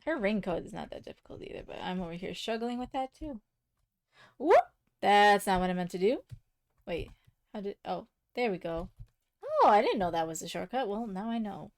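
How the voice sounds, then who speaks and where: A woman live-streaming her drawing, chatting casually with her viewers and poking fun at her own struggles, often muttering quietly as she works. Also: mid-range voice, sing-song, moderate pace. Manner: chatty, self-mocking, talks to her chat; often drops to quiet muttering while working. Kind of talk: casual chat while drawing.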